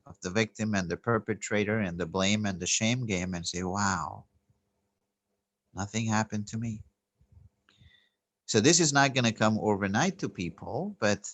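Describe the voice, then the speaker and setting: A man giving an earnest, unhurried spiritual talk, telling a story and pausing on fillers and restarts. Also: on the low side, a bit bright, dry recording. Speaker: spiritual teacher. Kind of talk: spoken spiritual teaching with storytelling.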